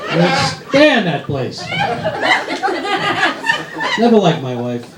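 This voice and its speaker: Exasperated New York stand-up comic with a lively, swinging voice, recorded in an echoey club. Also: male voice, on the high side, heavy background noise. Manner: exasperated, rapid-fire complaining with rhetorical questions. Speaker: stand-up comedian. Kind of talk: stand-up comedy routine. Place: comedy club stage. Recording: echoey club with loud audience laughter.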